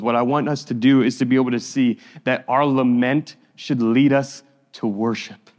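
Man preaching, earnest and pleading, mid-pitched voice, big echoey church hall. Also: a little mellow. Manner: earnest, pleading, reads scripture slowly. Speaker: pastor. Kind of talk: sermon. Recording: long reverb of a hall.

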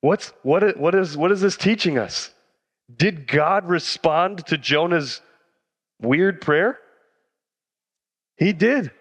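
A man's voice: a little high, expressive, slow, pauses often, breathy edge. A man preaching a casual sermon as a youth pastor, conversational and slangy, often asking the audience questions. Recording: reverberant hall.

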